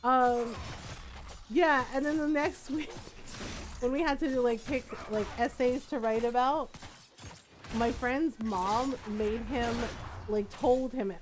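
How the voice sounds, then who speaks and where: A woman's voice: a little high, takes it slowly, slight background noise. A woman streamer telling a story in casual chat, talking in a loose, chatty way with lots of "like" and frequent laughs. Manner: chatty, laughs often, leans on "like" and restarts.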